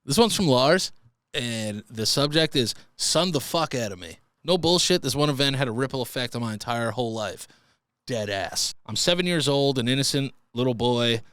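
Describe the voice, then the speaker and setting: A young man hosting a podcast from a studio mic, reading listener stories aloud and swearing freely between jokes. His voice is bright and forceful, and it sits at an ordinary pitch. The sound is dry and close, with little room around it. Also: lively intonation, moderate pace, clear, resonant tone, no echo. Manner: crude, joking, swears freely. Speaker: podcast host.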